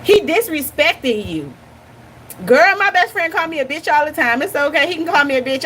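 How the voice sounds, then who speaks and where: High-pitched young woman ranting to her viewers, blunt and animated, bit of background noise. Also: normal speed. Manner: blunt, animated, talks straight to the audience. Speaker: reaction channel host. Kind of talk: casual commentary to viewers.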